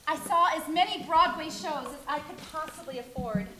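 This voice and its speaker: A middle-aged woman telling her own life story as a theatrical one-woman monologue, expressive and wistful. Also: sits high, normal speed, slight background noise, low-quality recording. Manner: expressive, wistful, self-reflective. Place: stage.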